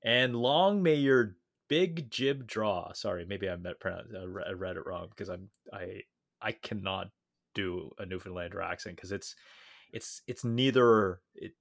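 A man co-hosting a podcast in casual chat, talky and quick to laugh, with plenty of fillers and restarts. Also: low voice, steady tone, creaky, fairly bright tone. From Canada. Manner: chatty, laughs often, many fillers and restarts. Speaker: podcast co-host.

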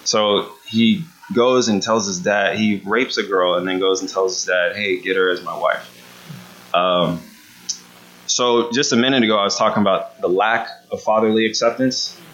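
A man's voice: fairly low pitch, steady tone, normal speed, a bit bright. A man giving a conversational sermon, often checking in with the room by asking "right?". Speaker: preacher. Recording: dull lo-fi sound.

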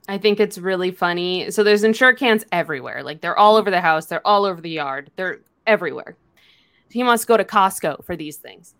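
Smooth-voiced young woman chatting about a book. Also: on the low side, normal speed, a bit bright. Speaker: podcast co-host. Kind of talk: casual book-club chat.

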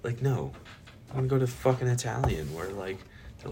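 A man's voice: mid-range voice, expressive, moderate pace, vocal fry, background noise. A young man hosting a podcast, chatting casually, joking and swearing a lot. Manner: swears freely, jokey. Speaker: podcast host. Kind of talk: casual chat.

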